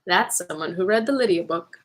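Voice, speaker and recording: A woman's voice: on the low side, fairly quick. A woman joking around and laughing with a friend while playing a party card game. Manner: playful, laughing, reads cards aloud. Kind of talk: casual game banter.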